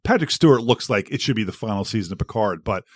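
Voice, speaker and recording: A man's voice: lowish voice, animated, quick pace, breathy edge, dry recording. A man co-hosting a podcast, chatting casually about TV and joking over the others. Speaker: podcast co-host. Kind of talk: casual chat.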